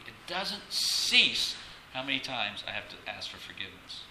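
Bright-voiced man preaching in an echoey church. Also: medium pitch, sing-song. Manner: casual and halting, repeats words, laughs often. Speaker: pastor. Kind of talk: conversational sermon. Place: church sanctuary. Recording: echoey room, faint ambient noise.

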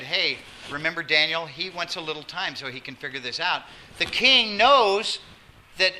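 A man preaching a sermon as pastor, animated, acting out quotes and dropping to a soft voice for emphasis. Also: fairly high pitch. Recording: noisy sermon recording.

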